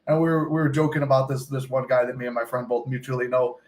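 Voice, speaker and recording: A man's voice: mid-range voice, steady tone, quick pace, a little mellow. A young man who coaches on manifesting tells a rambling story, loose, swearing freely, full of fillers and asides. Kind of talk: casual storytelling monologue.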